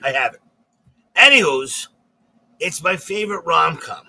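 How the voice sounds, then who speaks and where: A husky, raspy-toned man with a fairly high pitch and a very bright, forceful edge. He co-hosts a comedy podcast in loose, profane banter. He rambles and circles back on his own sentences. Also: lively intonation, a little slow. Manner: rambling, repeats himself, profane. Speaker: podcast co-host.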